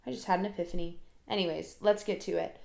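A woman's voice: on the low side, fairly even intonation, quick pace, gravelly, a little mellow, roomy sound. A 22-year-old woman hosting her own podcast, talking alone in a rambling, chatty, self-deprecating way. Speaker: podcast host. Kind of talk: casual solo podcast monologue.

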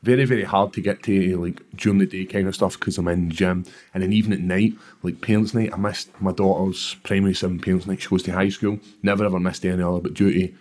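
A man's voice: low-pitched, steady tone, quick pace, few pauses, darkish tone. A Scottish man in his thirties, a professional fighter telling his story candidly and bluntly in an interview, swearing freely.

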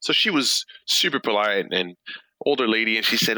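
A man from France, a guest in an interview, telling a story in an animated way, acting out bits of dialogue with plenty of fillers. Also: on the low side, a little fast, gravelly, no room sound, low-quality recording.

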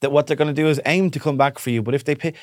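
Talking very fast in a slightly high voice, a podcast co-host spins a story during casual chat, animatedly performing many character voices. The studio recording is clean, with no echo.

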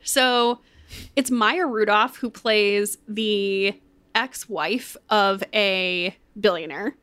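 A woman's voice: mid-range voice, very slow, fairly bright tone, no echo. A young woman co-hosting a podcast, chatting in an upbeat way with lots of casual fillers. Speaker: podcast co-host. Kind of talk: casual chat with ad read.

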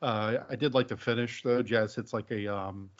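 A podcast host chats casually about wrestling in a laid-back, rambling way, full of fillers. His mid-range voice has fairly even intonation at normal speed, and the recording is dull lo-fi podcast audio.

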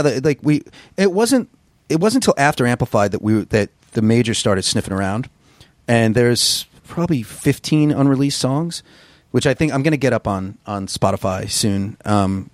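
Gruff, rambling man musician. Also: on the low side, dry recording. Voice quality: gruff singer's voice. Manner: rambling, profane, self-deprecating storyteller. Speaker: musician guest. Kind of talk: casual interview chat.

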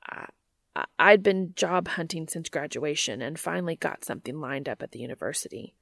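A woman voicing a soft-spoken, weary young man, quiet and hesitant, in a lowered voice. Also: expressive, brisk, creaky, no room sound, clean studio sound, exaggerated voice. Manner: hushed and hesitant, low and quiet.

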